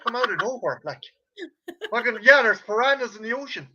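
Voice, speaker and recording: A man's voice: very high voice, a little fast, dull audio. A man co-hosting a film review podcast, casually retelling a plot with lots of swearing. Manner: profane, rambling, animated retelling. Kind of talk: casual chat.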